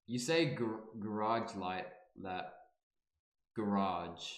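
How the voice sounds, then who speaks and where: Animated, unhurried male streamer in an echoey room. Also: medium pitch. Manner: playful, repeats words over and over, swears casually. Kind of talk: casual live reaction stream.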